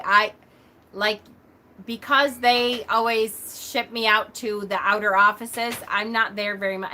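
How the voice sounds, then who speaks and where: A middle-aged woman teaching a casual livestream lesson, chatty and quick with lots of fillers, coughing now and then. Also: fairly high pitch. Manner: chatty, talks a lot and loudly and quickly, frequent fillers. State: coughing at times.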